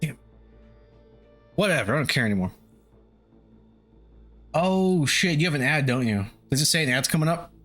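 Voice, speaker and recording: A man's voice: on the high side, animated, moderate pace, pauses often, a bit bright. A man chatting casually on a live stream, loose and profane, often chuckling as he sets up a game at home. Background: faint lo-fi music.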